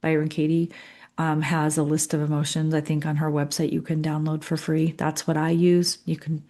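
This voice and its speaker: A middle-aged woman leading a guided coaching session, calm and earnest, repeating phrases with pauses. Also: deep voice. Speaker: leadership coach.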